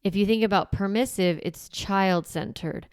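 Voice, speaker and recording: Middle-aged mom coaching parents, lowish smooth voice, dry close sound, chatty and thinking out loud. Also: female voice, moderate pace, no echo. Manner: conversational, reflective, self-correcting. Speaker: parenting coach and podcast host. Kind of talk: casual teaching monologue.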